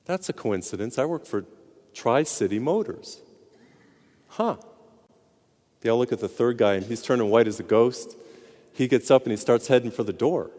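A man, a priest, preaching a sermon, slowing down for emphasis and telling a joke along the way. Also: mid-range voice. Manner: animated preaching, slows for emphasis. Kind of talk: sermon with told jokes. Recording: long hall reverb.

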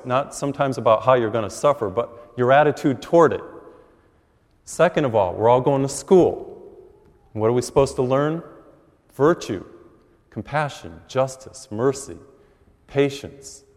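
Middle-aged priest preaching in a reverberant church. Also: male voice, medium pitch. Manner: animated storytelling with acted quotes. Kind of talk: sermon. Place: large church.

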